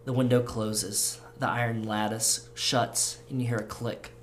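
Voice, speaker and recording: A man as game master, narrating a tabletop role-play scene in a slow, halting, descriptive way. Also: mid-range voice, level tone, a little hiss or hum.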